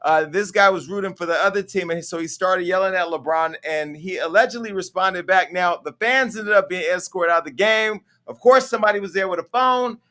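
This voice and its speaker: A man's voice: sits high, brisk, few pauses, bright, forceful tone. A man hosting a casual entertainment news talk show, chatty with laughing asides. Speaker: host. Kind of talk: casual gossip show chat.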